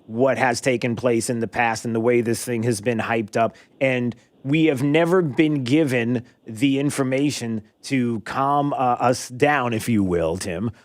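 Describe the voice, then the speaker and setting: A man's voice: unhurried, hardly any pauses, no echo. A man hosting a talk radio show, taking callers with sarcastic, mock-exasperated remarks. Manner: sarcastic, mock-exasperated, jumps up in pitch for emphasis.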